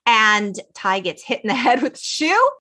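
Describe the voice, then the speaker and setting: A woman in her forties hosting a podcast, recapping a film in animated casual chat, quoting characters and laughing often. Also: a little high, normal speed. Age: 40s. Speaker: podcast host.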